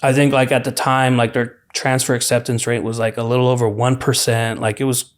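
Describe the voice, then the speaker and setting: A young man from California shares his life story as a guest on a podcast. He talks in a loose, rambling way, full of "like" and "you know," at an ordinary mid-range pitch. His delivery sounds easygoing and conversational. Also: a little fast. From California, USA. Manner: relaxed, rambling, many "like" and "you know" fillers. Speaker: podcast guest, university student. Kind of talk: casual storytelling interview.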